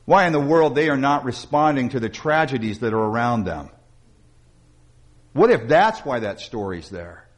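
A man preaching, building up with emphasis and then dropping into slow, quiet passages, with some restarts. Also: medium pitch. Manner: restarts and repeated words. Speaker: pastor. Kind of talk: sermon.

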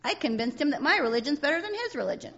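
A woman's voice: high-pitched, sing-song, racing, fairly bright tone, dull audio, voice pushed up, exaggerated voice. A woman voicing a brash, boastful little cartoon girl who brags eagerly, reading from a comic strip.

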